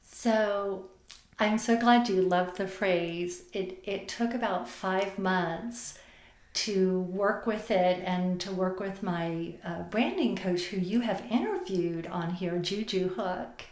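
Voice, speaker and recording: A woman being interviewed as a podcast guest, a therapist and coach speaking in an effusive, animated way. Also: medium pitch, takes it slowly, reverberant.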